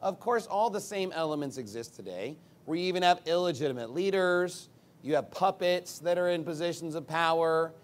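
A man preaching a sermon in an emphatic, combative way, with sarcastic asides and big swings in pitch and loudness. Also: expressive, normal speed.

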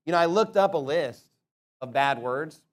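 Male preacher, high voice, emphatic sermon delivery with rhetorical questions. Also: animated. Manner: emphatic, rhetorical questions, slows to stress words.

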